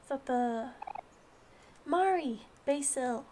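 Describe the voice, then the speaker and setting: A woman's voice: a little high, unhurried, background noise. A young woman giving casual, chatty commentary while playing a video game, correcting herself as she goes. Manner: chatty, self-correcting, upbeat. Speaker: let's play gamer. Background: loud video game music.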